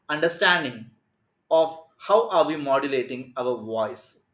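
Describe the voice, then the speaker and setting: A man, a communication skills coach teaching a live lesson in an energetic, emphatic way. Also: a little high, echoey room. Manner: energetic, emphatic, plays with stress and pace.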